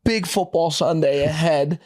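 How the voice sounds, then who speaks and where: A man's voice: fairly high pitch, a little slow, a little mellow, dry recording, clean studio sound. A man hosting a podcast, telling stories in casual chat and laughing between lines. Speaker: podcast host.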